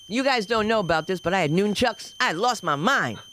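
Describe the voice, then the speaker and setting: A woman doing stand-up comedy on a club stage, telling stories in a lively, swooping way and throwing in shouted sound effects. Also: medium pitch, fairly quick, a little hiss or hum, rough recording.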